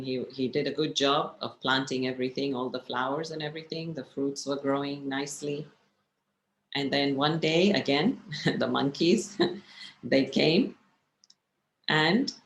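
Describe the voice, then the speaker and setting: A woman, a spiritual teacher, telling stories in a gentle, reflective way and asking her listeners questions. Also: very deep voice. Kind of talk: storytelling talk. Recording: echoey room with faint noise.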